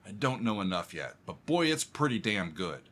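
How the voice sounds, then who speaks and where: A man who is a composer, giving music reaction commentary, excitable and humming along as he talks to viewers like friends. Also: lowish voice, moderate pace.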